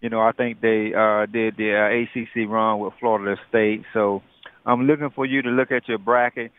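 A man's voice: fairly low pitch, flat delivery, moderate pace, clear, resonant tone, no echo. Man with on phone line. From North Carolina. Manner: hesitant, many fillers, earnest. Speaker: caller.

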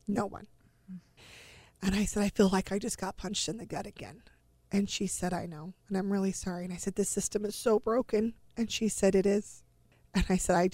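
Low, gravelly-voiced mother telling her story. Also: no echo. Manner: earnest, emotional retelling with quoted dialogue. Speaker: interview guest. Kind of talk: personal storytelling.

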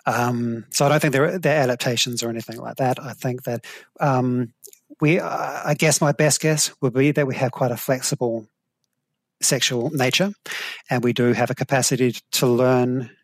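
A middle-aged man with a New Zealand accent answers interview questions in a thoughtful, hedging way. His voice sits at an ordinary pitch. The sound is dry and close, with no room around it. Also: fairly even intonation, moderate pace, no echo. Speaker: guest, evolutionary psychology professor. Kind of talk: explanatory interview talk.

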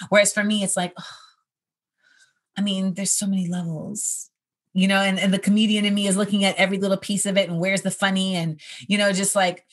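A woman's voice: mid-range voice, flat delivery, fast talker, few pauses. A woman in her thirties, a comedian hosting a podcast segment, telling stories in a chatty, casual monologue. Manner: chatty, storytelling, full of fillers like "you know".

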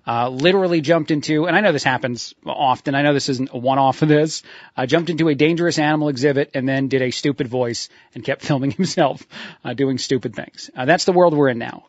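A man's voice: fairly high pitch, no echo, muffled recording. A man hosting a talk radio show, mocking the news with frequent chuckles and filler words. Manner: sardonic, laughs at his own remarks, many uh fillers. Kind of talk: solo talk radio commentary.

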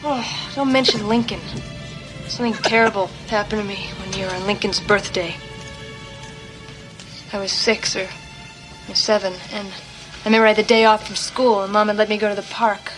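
An actress playing a young woman earnestly telling a childhood story in halting film dialogue, with music behind. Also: mid-range voice, steady tone, close to an everyday voice, poor audio.

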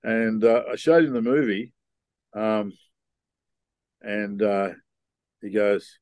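A man's voice: lowish voice, takes it slowly, pauses often, darkish tone, no echo. An older man, a podcast guest telling stories in a frank, rambling way with many ums and restarts. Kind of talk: casual storytelling conversation.

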